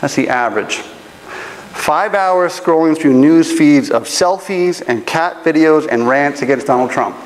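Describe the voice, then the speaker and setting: High-voiced man preaching in a reverberant hall. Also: animated, unhurried. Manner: earnest, emotional storytelling. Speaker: pastor. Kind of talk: sermon. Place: church auditorium. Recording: long church hall reverb, faint ambience.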